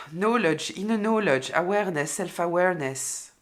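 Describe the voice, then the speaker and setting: A woman giving a collective tarot reading, speaking haltingly with many fillers and repeated words, openly emotional. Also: on the low side, lively intonation, a bit bright. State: moved, emotional. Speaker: tarot reader.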